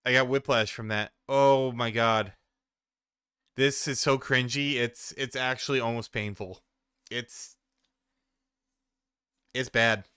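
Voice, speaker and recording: Forties male commentator, ranting and swearing in disbelief; bright, forceful voice, very smooth. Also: medium pitch, steady tone, takes it slowly, pauses often, dry recording, studio quality. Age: 40s. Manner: exasperated ranting, profane. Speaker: commentary streamer. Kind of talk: reaction commentary.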